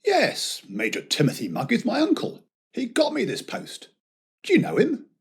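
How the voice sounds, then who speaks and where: An actor playing a dim English prison sergeant, husky and eager to please in a comic audio drama. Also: male voice, very high-pitched, wildly swooping pitch, normal speed, exaggerated voice. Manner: barking orders, then fawning and polite. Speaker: prison guard.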